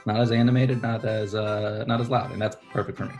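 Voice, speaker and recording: A man with a very low voice co-hosts a casual podcast chat. He teases in a dry way and pads his talk with fillers. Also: steady tone, fairly quick, darkish tone, soft background music. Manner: dry, teasing, filler-heavy. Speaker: podcast co-host.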